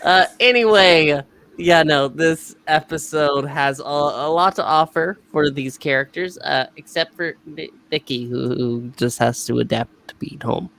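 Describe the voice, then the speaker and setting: A man's voice: a little high, unhurried, gravelly, fairly bright tone. Rambling male show reviewer. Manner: rambling, many fillers. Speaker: host. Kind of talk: casual TV episode review.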